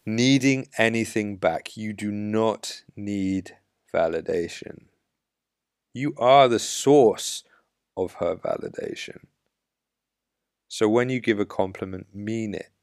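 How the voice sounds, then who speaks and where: In this podcast monologue, a male dating coach hands out blunt advice on dating, his gravelly, low voice taking its time. He sounds assertive and emphatic, like a coach, and the audio is close and dry with no echo from the room.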